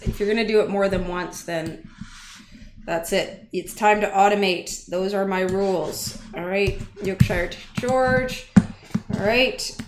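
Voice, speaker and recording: A woman hosting a casual livestream, chatty and easily flustered as she talks to her chat and counts entries aloud. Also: medium pitch. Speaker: livestream host. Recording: echoey room with faint noise.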